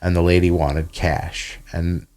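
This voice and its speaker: Man with a low voice, podcast guest, swears freely and acts out the people in his story. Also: measured pace. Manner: profane, animated retelling with quoted dialogue. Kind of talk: casual storytelling. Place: home podcast room.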